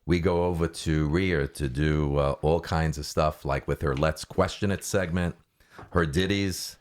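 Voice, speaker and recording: A podcast host with a very deep voice, chatting casually. He hesitates often and fills gaps with "uh.". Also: fairly even intonation, unhurried. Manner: hesitant, many fillers. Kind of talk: casual chat.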